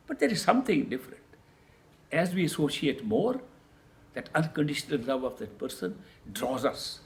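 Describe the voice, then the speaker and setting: A man as a spiritual teacher giving a discourse, emphatic, repeating key words and posing rhetorical questions. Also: fairly high pitch.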